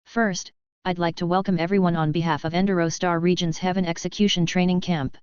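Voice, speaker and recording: A woman voicing a stern, cold male battalion commander with a severe voice, in a measured, even delivery. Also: on the low side, clean tone, no echo, close to an everyday voice. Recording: slightly dull dry recording.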